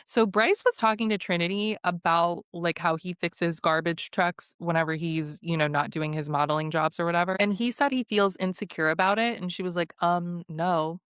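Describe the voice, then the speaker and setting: A woman's voice: lowish voice, fairly even intonation, moderate pace, few pauses, a bit bright, clear, resonant tone, no echo, clean studio sound. A young woman hosting a casual, sarcastic recap vlog, chatting and laughing often. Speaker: recap host.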